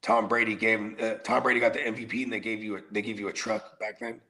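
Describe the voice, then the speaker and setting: Gravelly, animated man on a podcast. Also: lowish voice, fast. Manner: animated storytelling, profane, swings loud and quiet. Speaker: podcast co-host. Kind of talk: casual sports podcast chat.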